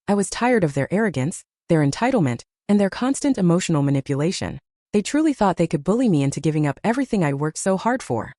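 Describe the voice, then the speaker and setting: A young adult woman reading a first-person family drama story as narrator, with a lively, expressive delivery. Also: on the low side, fast, no room sound, studio quality.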